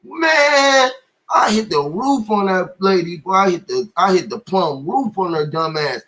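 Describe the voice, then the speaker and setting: A middle-aged man telling a story in casual chat, animated and profane, acting out what others said. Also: sits high, a little slow. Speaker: guest storyteller.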